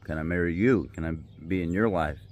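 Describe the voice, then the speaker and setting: A man's voice: low-pitched, a little fast, darkish tone. A middle-aged man, telling a personal story in a rambling, folksy, heartfelt way. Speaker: vlogger. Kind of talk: casual storytelling vlog. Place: outdoors by a river.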